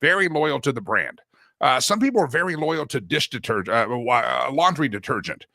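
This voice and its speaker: A man's voice: mid-range voice, sing-song, moderate pace, vocal fry, pushed and bright, no echo. A middle-aged man from Texas hosting a talk show, rambling and joking in casual chat. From Deep East Texas. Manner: rambling, joking, self-interrupting.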